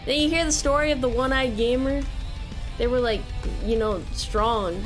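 A woman's voice: a little high, moderate pace. A woman streamer giving casual, jokey commentary while playing a video game, swearing, laughing and yelping in panic. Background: game music.

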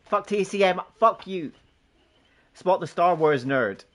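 Man, live game streamer, fairly high voice, swings widely in pitch, jokey and sweary, laughs a lot. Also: animated, a little slow, fairly bright tone. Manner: joking, swearing, bantering with chat and friends; laughs often. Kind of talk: casual gaming stream chat.

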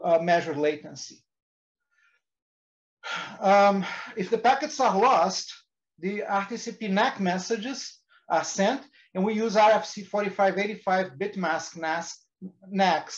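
A man's voice: sits high, dull audio. A man giving a technical presentation to engineers, often restarting words and using fillers. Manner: hesitant, frequent restarts and fillers.

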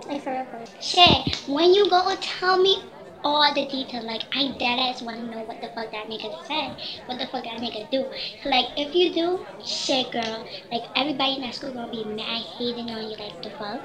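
A young woman voicing a brash, excitable teenage schoolgirl who swears freely and gossips in slang. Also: a little high, moderate pace, crowd noise, natural voice. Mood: gossipy. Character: brash loud teen schoolgirl gossip friend.

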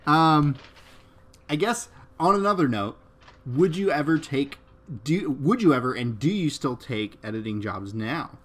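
A man running a casual interview, teasing his guest and breaking into giggles. His voice sits a little higher than most men's. He keeps the chat light. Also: expressive, unhurried. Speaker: interviewer, channel host.

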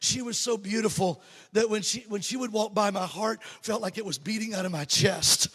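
A man's voice: sits high, normal speed, fairly bright tone, husky, in a large hall. A man in his fifties with a Southern accent, an evangelist preaching a humorous story to his congregation and joking with the crowd. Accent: Southern American. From Alabama. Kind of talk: sermon storytelling. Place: church sanctuary.

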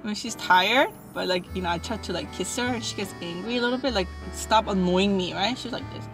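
A woman's voice: medium pitch, quick pace, music in the background, poor audio. A woman from Canada, a mother and vlogger, chatting playfully and teasing back inside a car. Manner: playful, giggly, argumentative. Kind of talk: casual chat.

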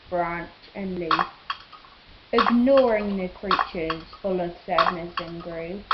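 A woman's voice: medium pitch, muffled recording, a little hiss or hum, close to an everyday voice. A woman narrating a rhyming storybook in the voice of a boastful man who chops down trees. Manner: boastful, sing-song rhyming. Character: boastful male tree-chopping builder, narrating.

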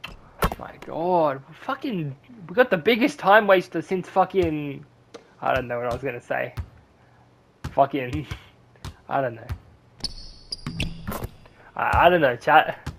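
Profane young gaming streamer ranting. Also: male voice, a little high, unhurried, creaky, long pauses, a bit bright, a little hiss or hum. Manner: profane, frustrated ranting at the game; addresses chat in mumbled asides. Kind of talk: live gameplay commentary to chat.

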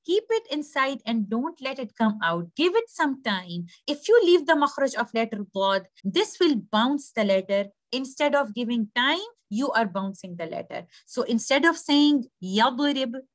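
Female teacher, a little high-pitched, calm and explanatory, models sounds slowly. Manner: patient, explanatory, demonstrates pronunciations slowly. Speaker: Quran recitation teacher. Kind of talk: tajweed lesson.

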